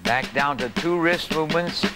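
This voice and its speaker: A man giving a calm, patient drum lesson for beginners, counting and calling out the strokes. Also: a little high, normal speed, over loud music, poor audio. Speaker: drum teacher. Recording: old video tutorial with loud drums. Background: snare drum playing.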